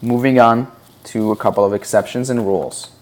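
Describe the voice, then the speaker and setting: A man's voice: medium pitch, fairly even intonation, fairly quick, a little mellow. A man teaching a Hebrew reading lesson, explaining patiently and sounding out syllables one at a time. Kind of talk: slow, deliberate instructional explanation.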